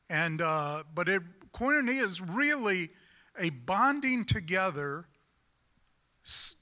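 A man's voice: high-pitched, sharp tone. A man with a Southern US accent preaching a sermon in a folksy, rambling way, with self-deprecating humor.

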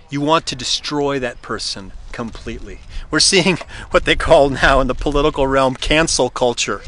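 A man's voice: fairly high pitch, pushed and bright. A man preaching a casual sermon, retelling a scripture story and acting out its characters. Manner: conversational, acts out the story's voices.

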